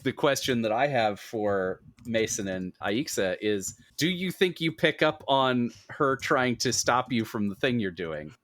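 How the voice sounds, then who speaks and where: A man's voice: medium pitch, expressive, unhurried, few pauses, fairly bright tone, dry recording. A man narrating as game master of a tabletop role-playing game, with small hesitations.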